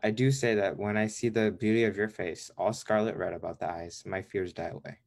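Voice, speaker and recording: Vain regal rooster, read by a man, grand formal speech, lowish voice, storybook. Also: fairly even intonation, fairly quick, vocal fry, darkish tone. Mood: proud.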